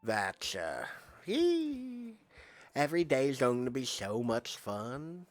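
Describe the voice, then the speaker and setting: A man's voice: mid-range voice, lively intonation, measured pace, no echo, faint music behind. A male streamer on a live game stream, reading out game text and word lists with playful asides.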